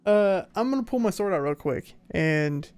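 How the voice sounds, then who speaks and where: A man's voice: sits high, lively intonation, moderate pace, darkish tone, clean tone, no room sound. A man playing a tabletop game, voicing his character with stern threats. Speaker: player.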